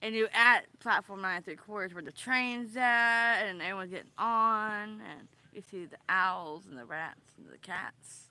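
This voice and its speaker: A woman chatting casually on a vlog, meandering and pausing often with ums and trailing sentences. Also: mid-range voice, sharp tone, slight background noise. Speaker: vlogger. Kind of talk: rambling casual chat.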